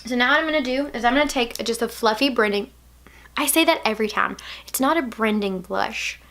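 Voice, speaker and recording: A young woman with a Southern accent talks through a makeup tutorial in a casual, playful way. Her voice sits a little high, and she often drops into quiet asides. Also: quick pace. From Alabama, US. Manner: chatty, playful, drifts into soft asides. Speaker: beauty vlogger.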